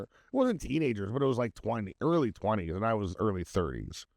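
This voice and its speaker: Podcast co-host, male, 30s, low voice, lively delivery, dry close mic, profane storyteller. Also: fairly quick, few pauses, dry recording. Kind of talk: casual storytelling chat.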